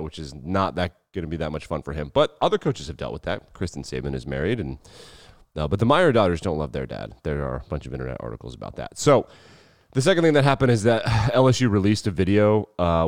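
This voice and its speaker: A man's voice: low-pitched, dry recording, clean studio sound. A man from the Rocky Mountain region hosting a sports podcast in chatty, sarcastic, emphatic casual talk. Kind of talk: casual solo podcast chat.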